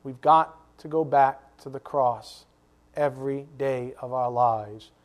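A middle-aged man preaching a sermon, animated, asking rhetorical questions and dropping suddenly to a hush. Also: mid-range voice, takes it slowly. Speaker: pastor.

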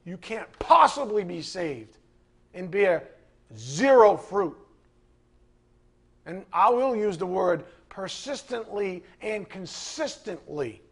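A middle-aged man preaching a fiery sermon to a class, building to angry shouting. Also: high-pitched, sing-song, takes it slowly, slightly rough. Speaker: preacher teaching a Bible class.

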